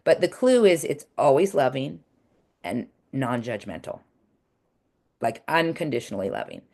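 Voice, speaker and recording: A woman's voice: very deep voice, sing-song, moderate pace, vocal fry, dark tone. A woman coach giving a casual, earnest talk over a video call, speaking in a chatty way with many restarts. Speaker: coach and webinar presenter.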